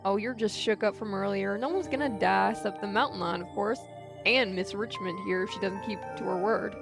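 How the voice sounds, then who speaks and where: A woman doing a gruff old man. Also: mid-range voice, a little fast, over music, close to an everyday voice. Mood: folksy. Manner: stern, folksy, scolding. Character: gruff old rural man with a bad hip.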